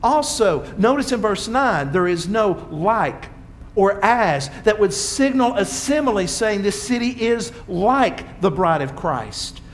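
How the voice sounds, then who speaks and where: Pastor, male, high and animated delivery, faint rumble under the voice. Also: slow pace. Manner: expressive preaching, swinging from loud emphasis to soft quiet asides. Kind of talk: sermon.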